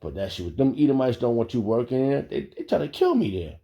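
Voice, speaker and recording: Man, gravelly voice, dark tone, lively swooping pitch, casual storytelling. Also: quick pace, dull audio. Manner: animated, profane, laughs often.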